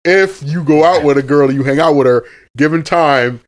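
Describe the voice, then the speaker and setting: A man's voice: on the high side, normal speed. A man co-hosting a podcast in casual chat, insistent and emphatic, laughing often and using street slang. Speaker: podcast co-host.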